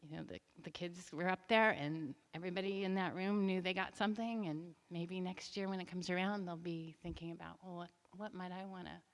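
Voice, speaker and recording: A woman's voice: lowish voice, fairly even intonation, a little fast, hardly any pauses. A woman reporting to a school board meeting in an enthusiastic, chatty way with many fillers. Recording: echoey meeting hall.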